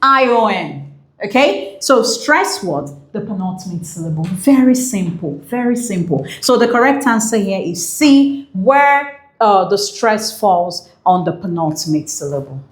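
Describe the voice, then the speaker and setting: A woman's voice: medium pitch, big pitch swings, measured pace, reverberant. A woman teaching an exam-prep English lesson, repeating key points and checking in with "okay?".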